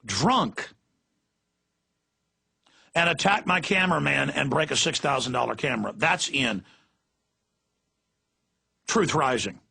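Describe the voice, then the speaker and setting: Gravelly ranting talk radio host. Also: male voice, mid-range voice, normal speed, long pauses, pushed and bright. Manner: fiery, ranting, emphatic.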